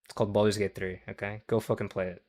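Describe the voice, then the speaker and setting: Young streamer dude, kinda low voice, swearing nonstop and rambling, laughs at his own takes. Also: little pitch movement, fast, a little mellow. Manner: profane, rambling, tags lines with "okay?". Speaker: livestream host reacting to clips. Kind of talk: casual stream commentary.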